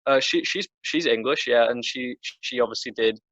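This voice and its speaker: A man's voice: mid-range voice, moderate pace, a bit bright, dry recording. Rambling Northern Irish man podcasting. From Northern Ireland. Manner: rambling, many restarts and fillers. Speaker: podcast co-host. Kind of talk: casual chat. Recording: dry, dull lo-fi sound.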